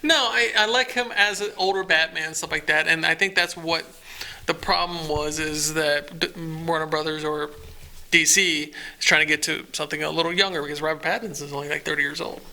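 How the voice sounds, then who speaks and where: A man co-hosting a laid-back podcast, talking in loose, halting sentences full of restarts. His voice sits a little high and sounds very bright and forward. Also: steady tone, creaky. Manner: rambling, halting with many restarts. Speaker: podcast co-host. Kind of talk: casual chat.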